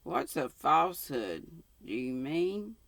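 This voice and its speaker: This is a remorseful little boy from an old storybook, earnest and guileless, as a grandmotherly woman reads him aloud. The voice drawls slowly with a gravelly edge. It is close and dry. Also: deep voice, sing-song, a bit bright, no room sound, full character voice. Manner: slow, homespun storybook reading.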